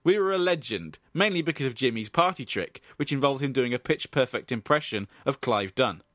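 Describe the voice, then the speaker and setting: Male podcast host, deadpan storyteller; animated pitch, dry booth sound. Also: brisk, no room sound. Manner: dry, deadpan delivery of absurd stories with asides.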